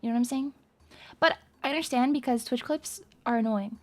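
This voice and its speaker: A woman's voice: a little high, a little fast, darkish tone. A young woman streaming live, chatting in a hyper, rambling and crude way with her viewers. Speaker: VTuber streamer. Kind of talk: casual live-stream chat.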